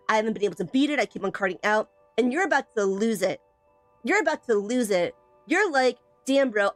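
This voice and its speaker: A woman's voice: fairly high pitch, dry recording. A woman streaming a game tutorial, teasing and emphatic, repeating points and answering chat. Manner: playful, teasing, emphatic with repetition. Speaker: streamer teaching a game weapon. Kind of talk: live stream tutorial, chatting with viewers.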